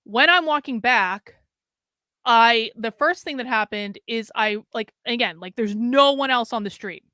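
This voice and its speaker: A woman with a fairly high voice hosts a podcast, speaking a little slowly in a dry, studio-quality recording. She tells a rambling story casually, swearing often and filling sentences with "like." Her retelling is animated, including quoted inner thoughts.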